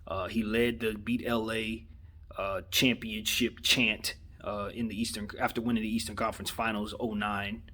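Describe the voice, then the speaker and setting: Husky-voiced man from Los Angeles. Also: on the low side, little pitch movement, moderate pace, sharp tone. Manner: conversational, slangy, emphatic, repeats words and restarts. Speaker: vlogger giving sports opinion. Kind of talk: casual opinion monologue.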